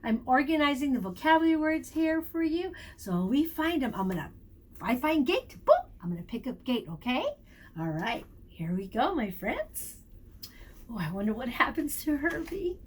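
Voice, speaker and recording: A woman's voice: high voice, moderate pace. A woman teacher reading a picture book aloud to young children, asking them questions as she goes. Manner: warm, animated storytelling with questions to children.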